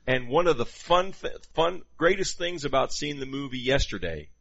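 A man delivering a sermon in a lively, chatty way, dropping quick asides to his listeners. His voice sits in a middle range and comes through a slightly dull, lo-fi recording. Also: medium pitch, gravelly. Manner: animated, conversational preaching with quoted asides.

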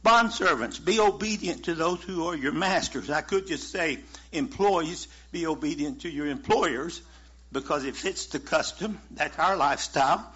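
A man's voice: a little high, moderate pace, a bit bright, slightly rough. A man preaching a sermon in a folksy, conversational way, chuckling now and then. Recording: muffled lo-fi sermon recording.

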